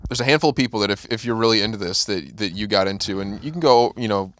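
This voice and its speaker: A man's voice: lowish voice, fast talker, fairly bright tone, no echo. A young adult man, a guest on a podcast, giving earnest opinions in casual chat and hedging them.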